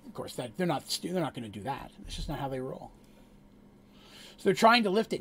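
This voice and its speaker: A man narrating a tabletop game as game master, telling the story with animated asides to the players. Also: fairly high pitch, fast, breathy edge.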